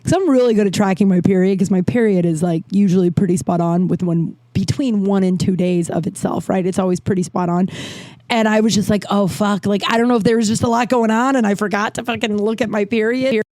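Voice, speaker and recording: A woman in her thirties hosting her podcast, telling candid, animated stories with frequent tangents and casual swearing. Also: medium pitch, fairly quick, no echo. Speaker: podcast host. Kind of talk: casual storytelling monologue. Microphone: desk microphone.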